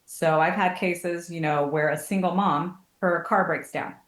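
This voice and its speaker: In an echoey room, a woman guesting on a casual podcast as a family advocate tells stories with animation, acting out whoever she quotes. She speaks on the low side and unhurriedly.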